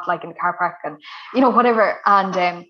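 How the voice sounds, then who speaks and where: A woman's voice: on the low side, brisk. A woman, telling her birth story in a chatty way full of fillers. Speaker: guest sharing a birth story. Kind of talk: casual storytelling. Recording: dull lo-fi recording.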